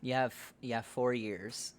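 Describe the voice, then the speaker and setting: A man's voice: mid-range voice, steady tone, unhurried, clear, resonant tone. A man hosting a podcast in a loose, rambling chat, swearing and laughing easily. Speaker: podcast host. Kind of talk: casual chat.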